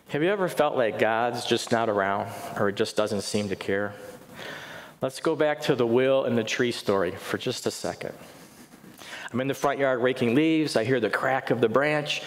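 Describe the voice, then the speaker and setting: A man's voice: medium pitch, moderate pace. A middle-aged man preaching a sermon in earnest, often putting questions to his congregation. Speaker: pastor. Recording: echoey hall with faint noise.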